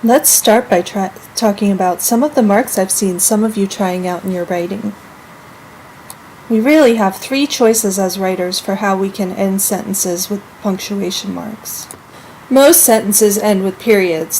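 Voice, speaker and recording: A woman teaching a lesson to young children, speaking clearly and acting out example sentences with lively expression. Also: medium pitch, slight background noise, poor audio. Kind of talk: model classroom minilesson.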